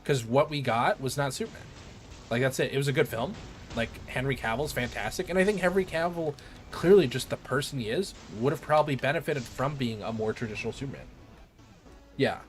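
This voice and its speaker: A man streaming a game, chatting casually in an excitable, rambling way and swearing freely. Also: mid-range voice, fairly quick, faint music behind. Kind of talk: casual chat while gaming.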